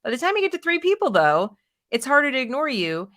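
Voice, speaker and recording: Bright-voiced woman hosting an interview. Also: high voice, fast talker. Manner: emphatic, animated, mocks opponents in a put-on voice. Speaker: podcast host. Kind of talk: conversational interview.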